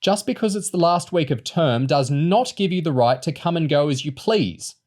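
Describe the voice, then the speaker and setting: A man's voice: fairly high pitch, animated, moderate pace, darkish tone, pitched above the performer's own voice. A man voicing a stern female teacher who scolds angrily in a raised voice. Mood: angry. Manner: angry, raised voice.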